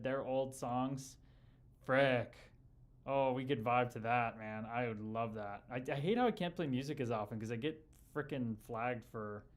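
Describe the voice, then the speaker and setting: A relaxed man talking loosely to his livestream audience at a middle pitch. He greets viewers like old friends, tossing in dude and brother as he reads their comments aloud. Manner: laid-back and chummy, calls viewers brother and dude. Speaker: livestream host and former hockey player.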